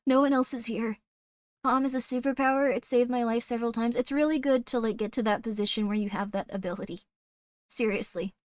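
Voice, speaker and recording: A young woman hosts a stream and rambles through casual reaction commentary, full of fillers. Her voice sits a bit high. The sound is dry and close. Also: dry recording. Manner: rambling, chatty, filler 'like'. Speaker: streamer host.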